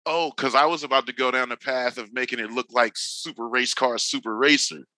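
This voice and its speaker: A man in his forties from Northern California, a podcast guest telling stories casually, animated and slangy, acting out the people he quotes. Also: medium pitch, fairly quick, no room sound, rough recording. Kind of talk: casual storytelling chat.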